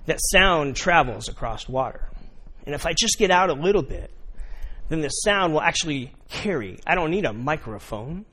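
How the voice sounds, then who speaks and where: A man preaching a sermon, telling the story in a lively way and acting out the characters. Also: on the high side, normal speed. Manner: animated storytelling, acts out characters. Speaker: pastor.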